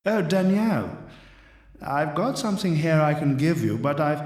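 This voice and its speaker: Saucy little gambling trader, highish voice, echoey. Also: male voice, big pitch swings, normal speed, a little mellow, slight background noise. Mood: cheeky. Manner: cheeky and wheedling. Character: cheeky gambling trader, male. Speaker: game character. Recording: echoey game dialogue.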